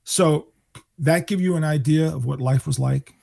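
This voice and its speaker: Gravelly older man telling stories. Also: on the high side, normal speed. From New York. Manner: animated storyteller acting out quotes. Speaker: guest musician. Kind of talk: storytelling interview.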